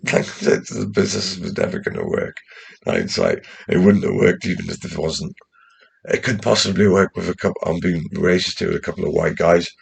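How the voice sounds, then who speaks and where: A man's voice: deep voice, creaky, slightly rough. A young man with a blend of West Midlands, Geordie and posh English accents, talking to his channel in a rambling, sweary, anxious way. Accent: mixed West Midlands, Geordie and posh English. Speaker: channel host. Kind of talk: casual vlog monologue.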